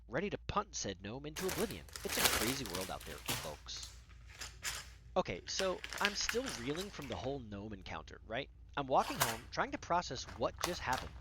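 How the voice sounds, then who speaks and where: A narrator telling a whimsical story as a casual, conversational voice-over, animated with dramatic pauses. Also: medium pitch, very noisy.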